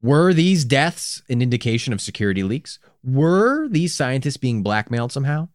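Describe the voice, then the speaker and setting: A man co-hosting a casual true-crime podcast, his pitch rising and falling in an animated way as he tells the story. He breaks off for wry, profane asides. The sound is dry and close. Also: moderate pace, dry recording. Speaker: podcast co-host.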